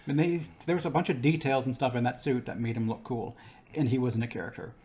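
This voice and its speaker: Fast-talking man in animated chat. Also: mid-range voice. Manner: animated, acts out quotes. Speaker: podcast co-host. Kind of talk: casual chat.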